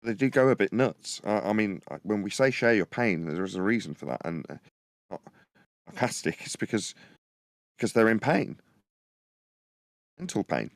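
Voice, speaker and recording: Deep-voiced man, dry close sound. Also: moderate pace, creaky, pauses often, no echo. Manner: rambling, animated storytelling. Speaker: podcast co-host. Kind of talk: casual live-stream discussion.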